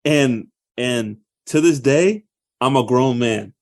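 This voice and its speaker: Guy in his 30s on a podcast, telling stories all animated and laughing. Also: mid-range voice, slow pace. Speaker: podcast co-host. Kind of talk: casual chat.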